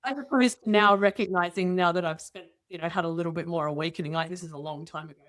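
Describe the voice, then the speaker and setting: A middle-aged woman guest telling personal stories in casual conversation, lively and acting out dialogue with quoted voices. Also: fairly low pitch, fast, dry recording. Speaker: interview guest.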